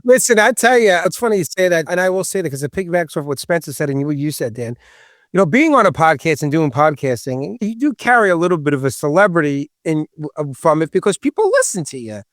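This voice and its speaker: A man with a Long Island New York accent and a loud, distinctive voice, joking and chatting as a podcast host. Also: a little high, fast, no echo, clean studio sound. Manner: animated, joking, talkative. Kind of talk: casual podcast chat.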